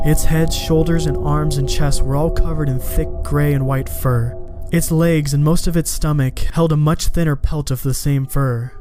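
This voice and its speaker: A man telling a first-person horror story in a steady, measured reading. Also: on the high side. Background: music.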